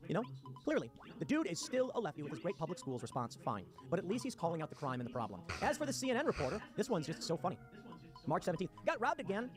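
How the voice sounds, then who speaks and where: A man's voice: sits high, sing-song, quick pace. A man giving sarcastic, combative commentary on a livestream, reading posts aloud and ranting. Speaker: political commentator. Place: home in West Virginia. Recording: music playing underneath. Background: music.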